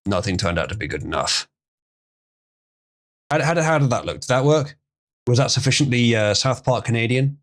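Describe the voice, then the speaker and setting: A man's voice: mid-range voice, lively intonation, moderate pace, long pauses. A man hosting a livestream, reading an article aloud and breaking in with sarcastic, crude remarks. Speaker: livestream host.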